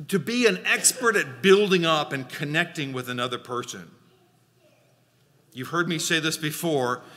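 Male preacher, emphatic sermon delivery with repeated phrases, very bright tone, long church reverb. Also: a little high. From Alaska. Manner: emphatic, repeats key phrases, slows down to stress points. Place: church sanctuary.

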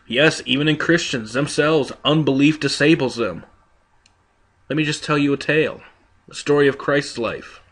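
A man's voice: fairly high pitch, moderate pace, a bit bright. A man reading a sermon aloud in an emphatic, rhetorical manner, building long lists and voicing quoted speakers. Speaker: preacher.

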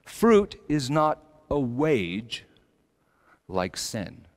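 A middle-aged male pastor preaching a sermon, swinging between loud emphatic lines and hushed low phrases. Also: sing-song, very slow. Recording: long hall reverb.

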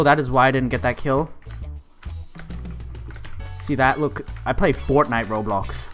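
A young man hosting his gaming channel, giving rambling, excitable commentary while he plays and often yells at the game. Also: medium pitch, moderate pace, long pauses, soft background music.

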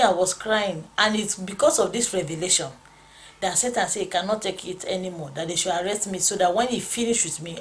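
A woman's voice: on the low side, a little hiss or hum, poor audio. Earnest woman telling a dream testimony. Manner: earnest, storytelling, repeats lines with rising emotion. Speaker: pastor's wife sharing a dream testimony. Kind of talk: spoken testimony.

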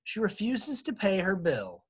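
A man's voice: high voice, wildly swooping pitch, measured pace, slightly rough, voice pushed up, exaggerated voice. A man voicing a fussy female receptionist in a read-aloud storybook. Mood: alarmed.

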